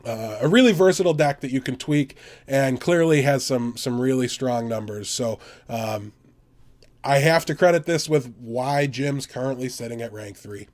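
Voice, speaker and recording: A man co-hosting a podcast and talking a card game through casually, quick and sometimes tripping over his words. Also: mid-range voice, darkish tone. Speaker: podcast co-host. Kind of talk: casual chat, game analysis.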